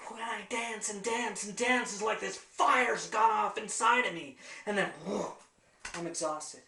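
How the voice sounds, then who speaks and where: A woman telling a personal story aloud, animated, breaking into sound effects and chanted drum beats. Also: medium pitch, unhurried, recorded from a distance. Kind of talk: spoken storytelling. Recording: roomy sound from off mic.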